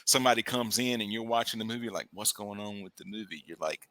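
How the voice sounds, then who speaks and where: A man co-hosting a casual movie-review podcast, talking animatedly and slipping into quick character voices. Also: on the low side, pushed and bright. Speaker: podcast co-host.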